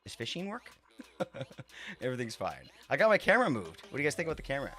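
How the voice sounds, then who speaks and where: A man's voice: mid-range voice, wildly swooping pitch, quick pace, a bit bright. A man chatting casually with his live-stream viewers while he builds in a game, rambling, laughing often and swearing freely.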